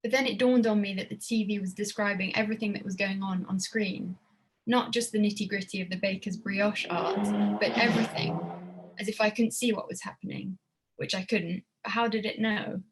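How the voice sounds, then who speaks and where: Woman, prose reading, measured, wry, first-person storytelling. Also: medium pitch, fairly even intonation, creaky, breathy edge. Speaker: student writer reading her work. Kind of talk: prose reading at a literary evening.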